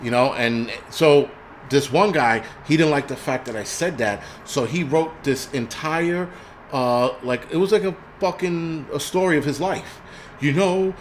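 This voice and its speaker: A man's voice: on the high side, a little slow, a little hiss or hum. A man hosting a livestream, ranting casually with lots of cursing, restarts and rambling asides. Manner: profane, rambling, frequent restarts. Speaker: livestream host.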